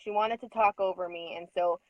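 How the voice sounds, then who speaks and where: A woman's voice: on the low side, fairly even intonation, a little fast, no room sound, highs cut off. A woman in casual conversation, recounting a conference incident in a hesitant, filler-heavy way, audibly upset and near tears at times.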